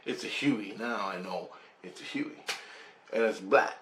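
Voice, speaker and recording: A man from Canada telling a personal story in a casual, animated way, mimicking rotor sounds, swearing and laughing as he goes. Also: fairly low pitch, unhurried, slight background noise. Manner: animated, imitates rotor sounds and acts out quoted voices.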